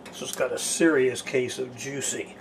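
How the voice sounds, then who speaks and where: A man's voice: medium pitch, fairly even intonation, normal speed, vocal fry, slight background noise. A man narrating his own cooking in a home kitchen, dry and wry. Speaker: home cook.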